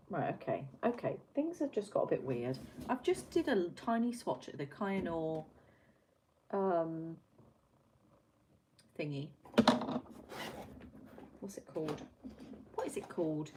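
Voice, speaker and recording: A woman's voice: fairly low pitch, noisy background. A woman from Wiltshire, chatting casually and rambling as she swatches art pencils on a livestream, mocking herself and reading out chat messages. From Wiltshire, England.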